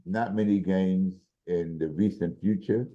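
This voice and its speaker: Man, low voice, very dark mellow tone, casual sports podcast chat, measured explaining, dull lo-fi audio. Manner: measured, explains with repeated restarts. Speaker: podcast co-host, football analyst.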